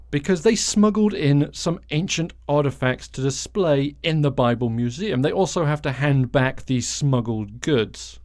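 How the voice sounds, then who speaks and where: A fairly high-voiced man hosts a solo podcast, delivering blunt, sarcastic commentary and swearing freely. His voice comes through close and dry, with almost no room sound around it. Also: a little mellow, dry recording. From outside the United States. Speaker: podcast host.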